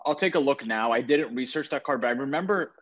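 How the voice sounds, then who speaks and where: A man's voice: mid-range voice, fast talker, highs cut off. A man co-hosting a podcast, chatting enthusiastically about sports cards and correcting himself as he goes. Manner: enthusiastic, lively, self-correcting. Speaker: podcast co-host. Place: on a trip, away from home.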